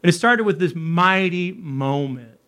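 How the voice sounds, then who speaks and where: Middle-aged male preacher, bright, forceful tone, animated storyteller. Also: sits high, unhurried, clear, resonant tone. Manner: animated, acts out dialogue in his story. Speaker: pastor. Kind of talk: sermon storytelling.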